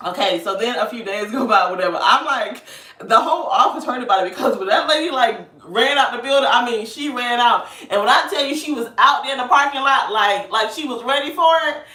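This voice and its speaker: A woman in her thirties telling a story in a casual vlog, animated and laughing often while she talks. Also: fairly high pitch, brisk. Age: 30s. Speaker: vlogger. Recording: roomy sound from a distance.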